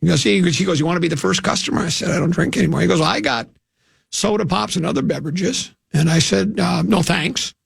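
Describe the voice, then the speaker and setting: A man's voice: sits high, a little fast, gravelly, breathy edge, dry recording, studio quality. An older man from hosting a radio show, telling a rambling, self-mocking anecdote with many restarts. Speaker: radio host.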